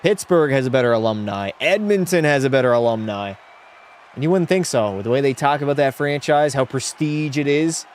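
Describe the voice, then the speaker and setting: A man's voice: mid-range voice, animated, a little fast, slight background noise. Blunt young man streaming hockey. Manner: opinionated, blunt, reads chat aloud. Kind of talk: casual live-stream chat. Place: home room.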